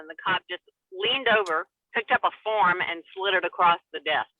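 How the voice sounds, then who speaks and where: A woman comedian calling in by phone, telling stories in an animated way and laughing often. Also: fairly low pitch, normal speed, no room sound. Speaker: guest comedian. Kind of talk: casual chat with storytelling. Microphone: phone call. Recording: tinny dry phone line.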